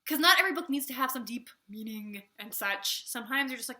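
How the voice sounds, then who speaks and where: A woman's voice: a little high, expressive, fast talker, sharp tone, slight background noise. A young woman gushing in a chatty book review vlog, rambling through tangents with lots of "like".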